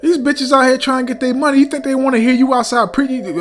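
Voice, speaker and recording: A man's voice: very high voice, steady tone, quick pace, fairly bright tone, faint music behind. A man preaching a heated rebuke sermon, reading scripture between blunt, profane remarks, often stumbling over fillers and repeating "man".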